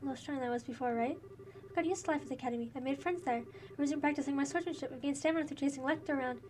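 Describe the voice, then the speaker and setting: A woman reading the earnest inner monologue of a gentle young woman student, with faint game music behind. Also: high-pitched, very fast, recorded from a distance, slight background noise, close to an everyday voice. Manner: soft, earnest, reflective.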